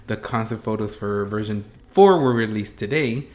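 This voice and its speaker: A young man hosting a reaction vlog, chatting casually with self-mocking rambles and quick jumps in energy. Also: on the low side. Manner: animated, self-mocking, rambling with bursts of laughter. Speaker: YouTube reaction host.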